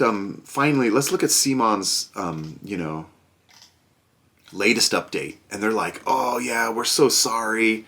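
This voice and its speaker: A man's voice: fairly low pitch, a bit bright. A man hosting a board game video, chatting casually and sarcastically with lots of fillers and restarts. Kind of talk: casual product review chat.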